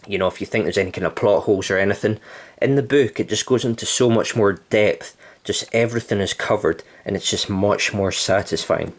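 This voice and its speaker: Casting: young guy, low voice, relaxed rambling vlog delivery, slightly winded. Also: fairly quick. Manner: rambling, relaxed, frequent ums. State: slightly out of breath from heat. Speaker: channel host. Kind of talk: casual vlog chat about his books.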